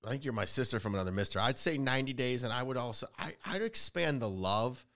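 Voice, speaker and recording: A man hosting an interview podcast in a casual, chatty way, effusive and quick to praise his guest. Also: medium pitch, animated, fairly bright tone. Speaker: podcast host.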